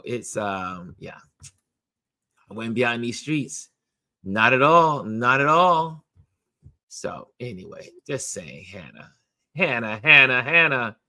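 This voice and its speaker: A middle-aged man hosts a casual morning live stream and reads viewer comments aloud. His pitch sits in the middle of the range but swings widely and sing-song. He talks chattily and repeats his phrases. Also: very animated, takes it slowly, long pauses, bright, forceful tone. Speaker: host of a daily live stream. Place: New York.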